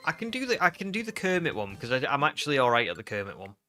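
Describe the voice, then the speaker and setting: Male game streamer, bright forceful tone, self-deprecating chatter. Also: mid-range voice, very animated, fast, faint music behind. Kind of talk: casual live-stream chat.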